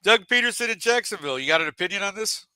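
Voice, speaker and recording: A man's voice: high voice, expressive, rapid-fire, sharp tone, clear, resonant tone, no echo, poor audio. A man hosting a casual sports talk show, chatty and leading the discussion. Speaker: podcast host.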